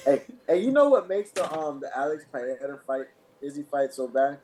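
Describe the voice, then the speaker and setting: A man guesting on a comedy podcast, talking in relaxed slangy banter. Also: on the high side, a little fast, slight background noise. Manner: laid-back slangy banter, laughs often. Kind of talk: casual comedic chat.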